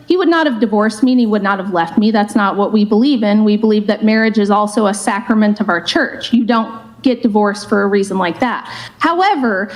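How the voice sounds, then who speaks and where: A woman arguing on a debate panel, combative and lecturing with a scornful edge. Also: a little high.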